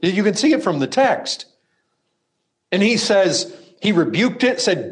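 Slow, emphatic male preacher. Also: high-pitched, very animated. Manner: emphatic, swings between loud cries and hushed asides. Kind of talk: sermon.

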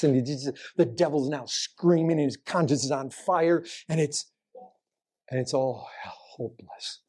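A male preacher speaks at a moderate pace with a breathy edge to his voice. Rhetorical questions fill his sermon, which shifts from raised urgency to soft, hushed tones.

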